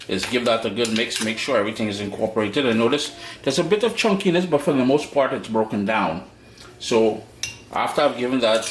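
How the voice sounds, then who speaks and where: A man's voice: medium pitch, slight background noise. A man with a Caribbean accent hosting a cooking demonstration in his home kitchen, chatting playfully to viewers with asides. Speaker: cooking show host. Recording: echoey kitchen with utensil clatter. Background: clinking dishes and cutlery.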